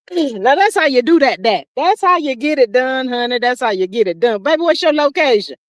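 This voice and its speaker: This livestream host is an older woman dishing gossip in a relaxed, folksy drawl, stretching her words and addressing viewers as honey and child. She speaks in a high, expressive voice, recorded with no room sound.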